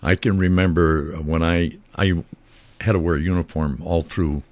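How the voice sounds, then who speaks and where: A man hosting a casual chat, asking questions in a relaxed, halting way. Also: deep voice, no echo, dull audio. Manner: relaxed, hesitant questioner with fillers. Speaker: host.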